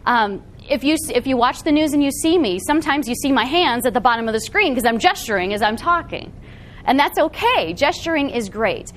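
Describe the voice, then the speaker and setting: A woman presenting to a live audience in a meeting room, her fairly high voice swinging widely up and down. She keeps things animated and checks in with the room again and again. A faint hiss sits under her voice. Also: brisk. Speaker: workshop presenter. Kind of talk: live seminar talk to an audience.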